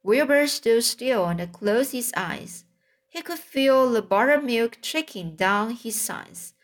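A woman's voice: fairly high pitch, animated, slow. A woman narrating a children's storybook aloud, reading carefully with occasional slips and restarts. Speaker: audiobook reader.

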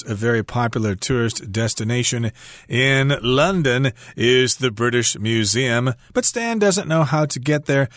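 A man of ordinary pitch talks through an English lesson dialogue at an even, friendly pace. The voice sits close to the mic in a dry studio. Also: no echo. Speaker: English teacher co-host. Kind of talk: radio English lesson explanation.

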